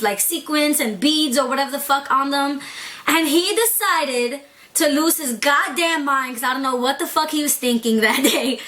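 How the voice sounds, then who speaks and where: A young woman vlogger telling a storytime tale in an animated, profane, chatty way. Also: sits high. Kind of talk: storytime vlog.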